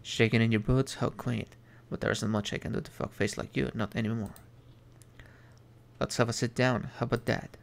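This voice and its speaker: A man putting on a gravelly smoky devil. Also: little pitch movement, lightly acted. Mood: gruff. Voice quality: low and gravelly. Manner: slow, crude, drawling. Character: gruff smoky male devil on a train.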